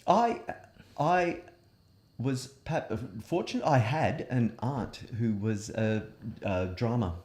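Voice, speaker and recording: A man's voice: medium pitch, animated, slow pace, a little mellow. Hesitant South Australian man, roomy echo. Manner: hesitant, thoughtful, many fillers. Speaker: guest, learning and development coach. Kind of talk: casual interview chat.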